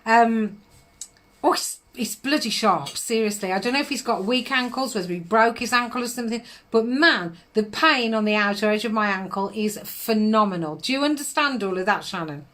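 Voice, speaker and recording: A woman's voice: fairly high pitch, moderate pace, fairly bright tone. A middle-aged woman, giving psychic readings on a live stream in a chatty manner, laughing often and calling viewers darling.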